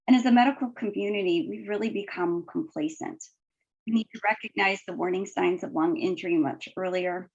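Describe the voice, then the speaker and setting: A woman physician, a guest author, reading her own writing aloud in a measured, deliberate way. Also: medium pitch, creaky, slightly rough. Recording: muffled, lo-fi webinar audio.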